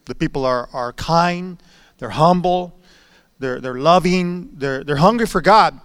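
A man's voice: a little high, measured pace, a bit bright, clear, resonant tone, no room sound. Chatty man hosting at church. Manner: chatty, with many restarts. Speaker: pastor hosting. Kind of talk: casual church talk.

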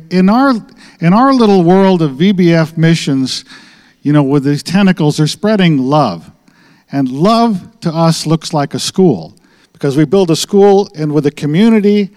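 A man's voice: a little high, a little mellow. A man, a missionary doctor, presenting slides in an earnest, explaining way.

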